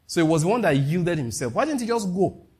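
A man's voice: sits high, big pitch swings, fast talker, darkish tone, breathy edge. A man preaching a sermon, firing rhetorical questions at his listeners and laughing at his own jokes.

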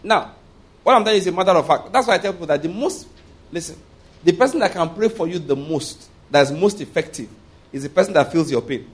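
A man's voice: sits high, lively intonation, fast talker, breathy edge. A man preaching a sermon in church, stressing key words and asking the congregation to answer "amen". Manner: emphatic, calls for congregation responses. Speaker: pastor.

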